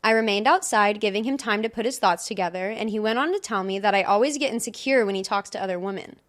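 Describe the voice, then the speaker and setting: A woman's voice: mid-range voice, quick pace, fairly bright tone. A young woman co-hosting a casual podcast, reading stories aloud in a chatty way and laughing often. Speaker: podcast co-host.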